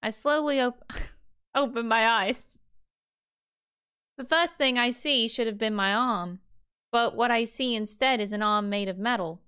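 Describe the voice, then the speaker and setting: A woman's voice: on the high side, a little slow, long pauses, pushed and bright, smooth. A young woman streamer reading a game's text aloud in first person, trying an accent and laughing at herself.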